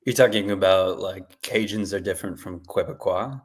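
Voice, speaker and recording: A man hosts a podcast in relaxed, casual conversation, often chiming in with short agreeing words. His voice sits somewhat low. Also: moderate pace, slightly rough. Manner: relaxed listener with brief agreeing interjections. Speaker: podcast host. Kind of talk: casual chat.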